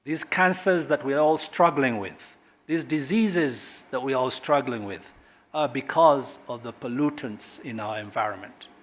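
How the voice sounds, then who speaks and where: A man delivers an emphatic keynote as a government official at a corporate launch. He speaks like an orator, swinging widely in pitch and loudness and using dramatic pauses.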